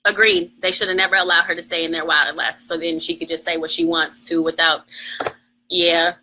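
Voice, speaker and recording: Heated, defiant woman with bright voice. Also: lowish voice, level tone, fairly quick, slight background noise, low-quality recording. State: emotional. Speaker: morning show co-host. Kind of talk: emotional livestream rant.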